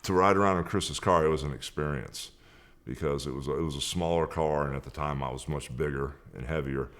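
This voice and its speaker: A man with an extremely deep voice speaks candidly and steadily in a documentary interview. A faint background hiss sits under his words. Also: brisk, fairly bright tone.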